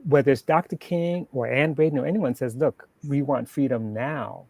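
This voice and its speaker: With vocal fry and a darkish, mid-range voice, this panel guest argues emphatically at normal speed in a heated political debate. He builds his points into lists and often repeats a word when starting out. The recording has no room sound.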